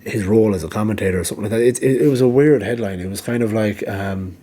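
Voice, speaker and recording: A man's voice: on the low side, fast talker, mellow. A man giving rambling casual commentary, full of ums and restarts, and he is losing his voice. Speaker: MMA vlogger.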